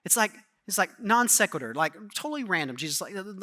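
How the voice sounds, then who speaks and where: A man preaching a sermon as pastor, casual and animated, acting out the quotes in his stories. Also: sits high, quick pace, hardly any pauses.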